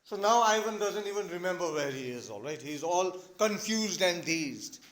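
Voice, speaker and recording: A man's voice: high voice, animated, normal speed, a bit bright. A man with an Indian English accent, an English teacher explaining a play to students and checking in with "all right?".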